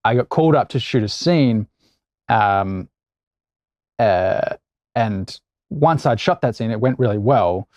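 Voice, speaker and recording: An Australian actor guest telling anecdotes in a casual interview, animated and acting out quoted voices. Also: male voice, lowish voice, slow pace, long pauses, no room sound.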